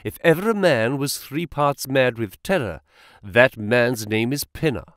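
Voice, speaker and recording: A man voicing an excitable young male stockbroker's clerk who talks in eager exclamations. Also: medium pitch, measured pace, dry recording, studio quality. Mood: excited.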